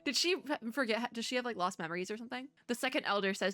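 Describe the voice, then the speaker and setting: A woman's voice: fairly high pitch, expressive, rapid-fire, fairly bright tone. A young woman from Texas giving casual, rambling commentary while playing a story game and reading its dialogue aloud. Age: young adult. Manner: chatty, rambling, reads dialogue without voices. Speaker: gaming content creator. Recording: faint game music behind.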